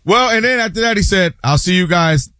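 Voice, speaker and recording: A man holds forth on a sports show, his voice sitting a little high. He talks in a loose, conversational way and slips into quick impressions of fans. The sound is dry and close. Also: clear, resonant tone, no room sound. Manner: animated, acts out fans' and players' voices. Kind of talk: casual sports debate.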